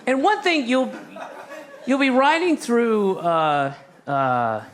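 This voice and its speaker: A man's voice: very high-pitched, animated, slow, a bit bright. A man doing stand-up comedy on a stage, chatting with the crowd in a sardonic, teasing way. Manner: sardonic, conversational, teasing the audience. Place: comedy stage in New York.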